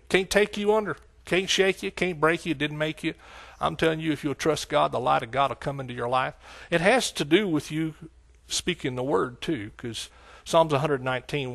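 This middle-aged preacher, speaking with a Texan accent, shouts hallelujah and moves between loud outbursts and quiet asides. His medium-pitched voice has noticeable vocal fry.

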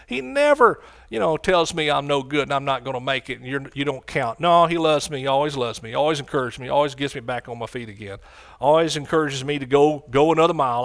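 A man's voice: medium pitch, lively intonation, fast, a bit bright. A man preaching a sermon with fervent energy, calling out to his congregation for responses.

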